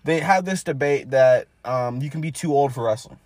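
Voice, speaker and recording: A man's voice: mid-range voice, normal speed, a little mellow, no echo. A man co-hosting a casual wrestling podcast, recapping matches blow by blow with many fillers. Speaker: podcast co-host.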